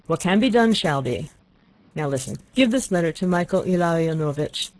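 A narrator voicing a stern, irascible old male prince in an audiobook, speaking in clipped, gruff bursts that rise into angry shouts. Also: mid-range voice, lively intonation, normal speed, dry recording, close to an everyday voice. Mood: gruff instructing. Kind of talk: audiobook character voice.

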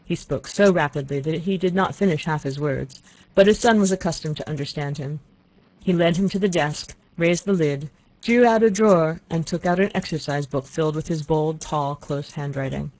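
An audiobook narrator reading a classic novel in a steady, measured way. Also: mid-range voice, no room sound, poor audio.

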